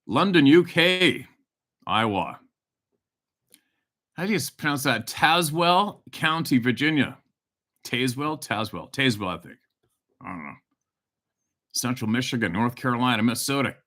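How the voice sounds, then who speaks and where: A man's voice: medium pitch, expressive, normal speed, pauses often, a bit bright. A middle-aged man from Canada hosting a casual live stream, reading out viewers' locations and telling a loose, profane hunting story. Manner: reads out viewer locations, swears casually, tells stories. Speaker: hunting show host on a livestream.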